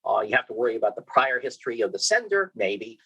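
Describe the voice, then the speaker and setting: This keynote speaker talks fast in a mid-range voice with a breathy edge, and the highs in the recording are cut off. Lecturing at a conference, he asks rhetorical questions, restarts often, and checks in with "okay?" in a lively way.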